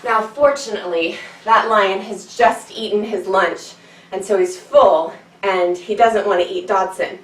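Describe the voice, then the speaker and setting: A woman's voice: mid-range voice, fairly even intonation, a little slow, roomy sound, distant mic, rough recording. A woman teaching a children's yoga class, telling a story in a playful, sing-song way while guiding poses.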